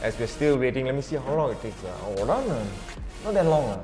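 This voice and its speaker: Steady analytical esports caster, man. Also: medium pitch, fast, music in the background. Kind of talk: live game commentary.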